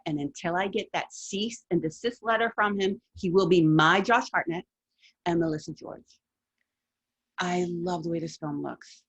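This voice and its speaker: A woman's voice: lowish voice, breathy edge, muffled recording. A woman hosting a casual countdown of favorite horror films, chatty and enthusiastic with playful asides. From lived in New England. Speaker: horror film commentator. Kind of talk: casual film countdown commentary.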